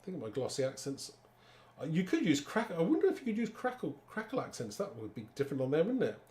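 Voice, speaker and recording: A man's voice: fairly high pitch, wildly swooping pitch, quick pace, darkish tone. A man hosting a live card-making demonstration, chatting to viewers as he works. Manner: chatty, talks to viewers while working. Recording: echoey room with faint background noise.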